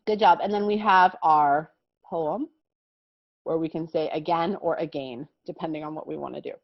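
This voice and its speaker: A woman's voice: on the low side, moderate pace, dry recording, dull audio. An American woman teaching a kindergarten vocabulary lesson, explaining patiently and encouragingly and often checking that the children follow.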